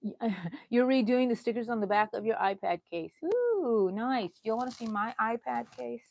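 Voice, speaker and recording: A gravelly, fairly high-pitched woman in her 60s chats in a wandering way with viewers of her crochet livestream, broadcast from her bedroom. She speaks fairly quickly, and there's no room sound.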